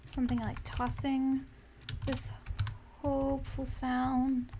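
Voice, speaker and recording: A young woman with a high voice chats on a live stream as she writes lyrics. She speaks slowly, trying phrases again and again and trailing off as she searches for the right word. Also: monotone, dark tone, slight background noise. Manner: muses aloud, repeating phrases to find words; often laughs and trails off mid-thought. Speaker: streamer writing song lyrics. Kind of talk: casual live-stream chat.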